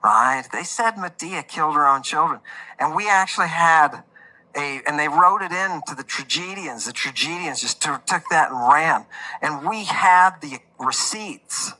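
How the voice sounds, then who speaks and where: A man hosting a lively livestream lecture, joking and swinging between loud outbursts and muttered asides. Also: a little high, unhurried, rough recording. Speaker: host.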